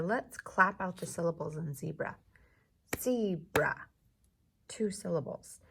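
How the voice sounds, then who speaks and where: A woman teacher talks young children through a recorded lesson in a slow, unhurried way, her fairly low voice edged with gravel. She repeats each word with patient encouragement, and a faint hiss sits under the recording.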